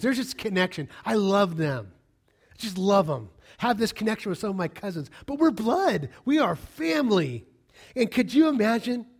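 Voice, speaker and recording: A man preaching a sermon, speaking conversationally and moving between soft, hushed passages and raised, emphatic lines. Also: high-pitched. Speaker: pastor.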